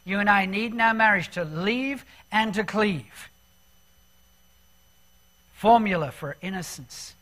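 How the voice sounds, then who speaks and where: A man preaching a sermon in a church, conversational and animated, often putting questions to the congregation. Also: high voice, slow pace, pauses often.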